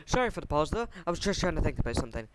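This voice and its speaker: A man casually retelling a fan story off the cuff, halting often with fillers, restarts and casual swearing. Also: on the high side, very animated, background noise.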